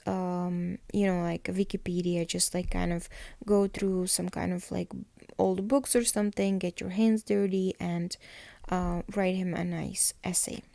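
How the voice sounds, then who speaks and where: A woman's voice: fairly low pitch, creaky, dark tone, no echo. A young woman hosting a podcast, casually recapping a TV episode in a chatty style full of fillers. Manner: chatty, filler-heavy retelling with quoted dialogue. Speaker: podcast host.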